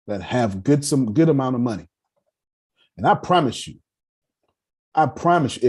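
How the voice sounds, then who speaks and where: Animated, husky-voiced male teacher. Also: medium pitch. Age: 30s. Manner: emphatic storyteller who repeats phrases for effect. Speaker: personal finance teacher. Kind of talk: lively motivational lecture to a live audience.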